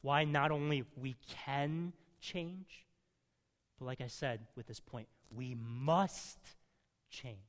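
A man preaching a sermon, emphatic, swinging from loud stresses to quiet asides. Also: mid-range voice, takes it slowly, in a large hall.

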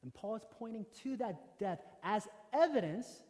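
Male pastor, high voice, preaching; punchy emphasis and hushed drops, recorded with long church reverb. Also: lively intonation, normal speed. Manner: swings from emphatic to near-whispered. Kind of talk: sermon.

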